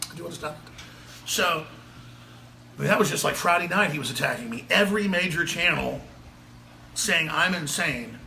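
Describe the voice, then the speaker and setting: A man's voice: fairly high pitch, creaky, bright, forceful tone, echoey room, a little hiss or hum. A man with a Texan accent delivering a heated, sarcastic political monologue as a talk show host. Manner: rapid-fire, sarcastic, indignant.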